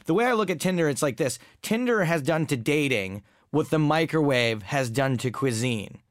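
A man's voice: fairly high pitch, expressive, normal speed, no echo, studio quality. An American man co-hosting a casual podcast, telling crude, self-mocking anecdotes with lots of animation. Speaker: podcast co-host.

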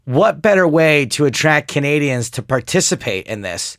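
A man's voice: mid-range voice, lively intonation, normal speed, music in the background. A man co-hosting a podcast, trading jokes in casual banter. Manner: joking banter. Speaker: podcast co-host. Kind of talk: casual chat.

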